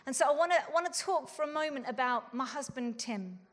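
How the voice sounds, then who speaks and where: A woman's voice: high-pitched, lively intonation, a little fast. A woman in her forties giving an earnest, self-deprecating and humorous conference talk. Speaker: conference speaker. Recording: long hall reverb.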